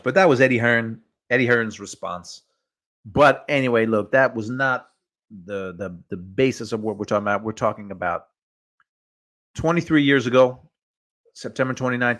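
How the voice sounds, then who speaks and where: A man hosting a boxing talk show, speaking in a relaxed, rambling way. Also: lowish voice. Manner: relaxed, rambling, chuckles often. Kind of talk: casual boxing chat.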